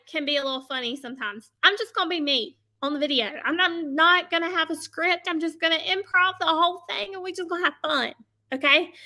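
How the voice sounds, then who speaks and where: A high-pitched woman with a bright voice gives casual live-stream coaching from her home desk. She is chatty and upbeat, laughs often, and ends almost every point with "okay?" Her voice is picked up by a webcam at the desk. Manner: chatty, tags nearly every sentence with "okay?". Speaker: host coaching online sellers.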